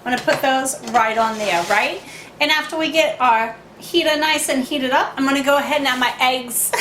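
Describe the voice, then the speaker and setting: A woman's voice: high voice, moderate pace, roomy sound, background noise, close to an everyday voice. A woman doing a bubbly Harley Quinn. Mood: playful. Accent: put-on Harley Quinn Brooklyn-style accent.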